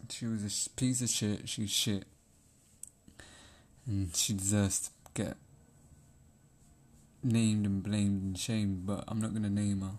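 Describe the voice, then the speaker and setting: A man's voice: lowish voice, steady tone, moderate pace, pauses often. A man ranting in a rambling, profane monologue, laughing often and repeating himself.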